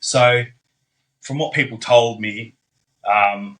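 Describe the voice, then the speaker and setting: Bright-voiced man, laid-back and blunt. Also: mid-range voice, fairly even intonation, takes it slowly, poor audio. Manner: blunt and laid-back, swears freely, frequent ums and likes. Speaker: podcast guest. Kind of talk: casual storytelling conversation.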